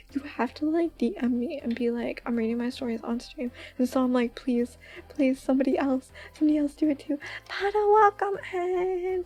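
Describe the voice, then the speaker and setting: A young woman streamer in soft-spoken casual chat with viewers, giggly and rambling, with lots of "like". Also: high-pitched, husky. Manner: giggly, rambling, says "like" often.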